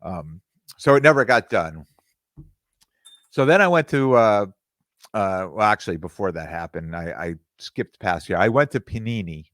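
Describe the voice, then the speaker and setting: A man's voice: on the low side, animated, normal speed, fairly bright tone, no room sound, studio quality. A man hosting a podcast, telling a casual story with restarts and acted-out bits of dialogue. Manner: rambling, with restarts and reenacted dialogue. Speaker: podcast host.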